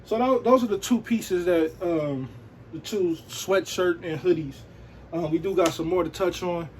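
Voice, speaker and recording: Brief: male vlogger, relaxed slangy show-and-tell, slightly raised pitch. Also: moderate pace, a little hiss or hum, rough recording. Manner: laid-back, slangy, peppered with "you know what I'm saying". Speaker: sneaker and streetwear vlogger.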